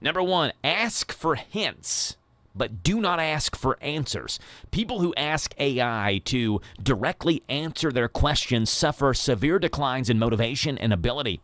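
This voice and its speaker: A man's voice: medium pitch, lively intonation, measured pace, a bit bright, no room sound. A man hosting a morning radio show, talking casually and walking through points one by one. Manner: chatty, explains in numbered points. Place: radio studio. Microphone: studio microphone.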